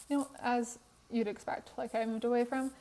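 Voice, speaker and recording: A tired young woman with a worn voice, who does Sims speed builds, chats casually and laughs often while narrating a game build. Her voice is a little high and dark in tone, level and at a moderate pace. It's a low-quality phone recording made in her apartment room.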